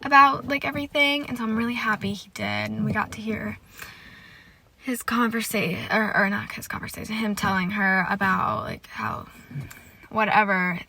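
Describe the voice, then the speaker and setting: A young woman hosting a casual solo podcast, gushing excitedly with lots of "like" and swearing. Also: mid-range voice, normal speed, vocal fry. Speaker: podcast host. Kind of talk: casual solo podcast chat about a TV show.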